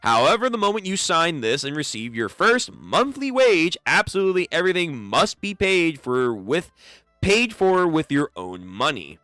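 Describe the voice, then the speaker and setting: Casting: a man doing a smug young noble lord for a comic read, slow and grandly gracious, bright voice with a lively lilt. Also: a little high, no room sound, soft background music. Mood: salesy.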